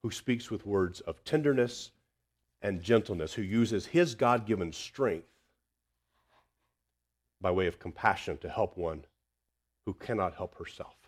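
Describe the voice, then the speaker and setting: A man preaching a sermon, swinging between loud emphasis and hushed tenderness. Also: lowish voice, lively intonation, measured pace, long pauses, slightly rough.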